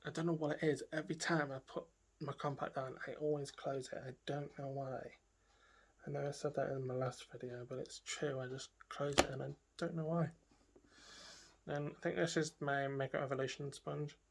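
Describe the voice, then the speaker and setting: A woman's voice: low-pitched, level tone, normal speed, vocal fry, slight background noise. A woman beauty vlogger talking casually through a makeup tutorial, chatting to herself and trailing off into murmured asides as she works.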